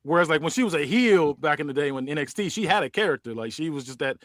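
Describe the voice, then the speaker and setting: A man's voice: fairly high pitch, fast talker, no room sound, studio quality. A man hosting a podcast, chatting casually and narrating a made-up wrestling show. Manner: relaxed, chatty, many fillers. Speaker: podcast host. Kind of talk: casual chat and story narration.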